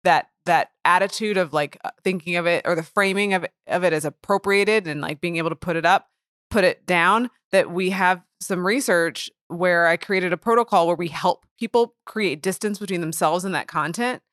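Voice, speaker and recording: A woman with a lowish voice talks casually as a guest, chatty and full of fillers. Her voice sounds dry and close to the mic, with no room echo. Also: moderate pace, fairly bright tone. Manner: chatty, with frequent "like" fillers and restarts. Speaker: guest author and researcher. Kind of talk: casual conversation.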